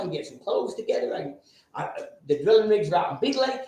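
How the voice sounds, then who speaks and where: A man telling his recovery story to a live audience, animated and sometimes shouting. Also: high voice, quick pace. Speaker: speaker sharing a recovery story. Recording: very echoey room, faint noise.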